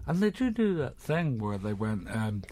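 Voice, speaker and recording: A man's voice: on the low side, normal speed. A man hosting a podcast, chatting casually and telling teasing stories. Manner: teasing, lively storyteller. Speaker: podcast host. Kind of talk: casual comedy chat.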